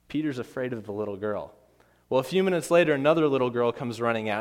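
A man's voice: medium pitch, lively intonation, quick pace. A man preaching a sermon, telling a Bible story with acted voices and emphatic repetition. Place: church. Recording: long hall reverb.

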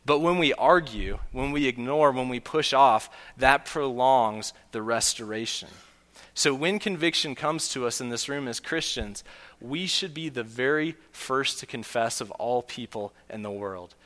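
A man's voice: medium pitch, measured pace, fairly bright tone. A man preaching a sermon in earnest, telling a story to make his point. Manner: earnest, storytelling with acted quotes. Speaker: pastor. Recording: long hall reverb.

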